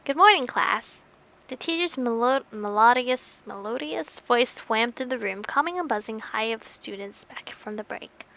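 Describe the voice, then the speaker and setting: A woman's voice: fairly high pitch, lively intonation, normal speed, creaky, pushed and bright, poor audio. A young woman narrating a visual novel game aloud, breaking in with playful, giggly reactions. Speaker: game streamer.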